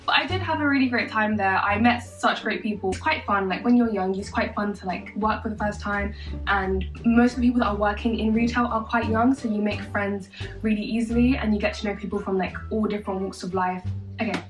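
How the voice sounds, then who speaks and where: In a steady, medium-pitched voice at a slightly fast pace, a woman in her twenties vlogs a casual story while getting ready, chatty and sassy and mocking herself in asides. The audio comes from an echoey room with the mic far off and faint music behind.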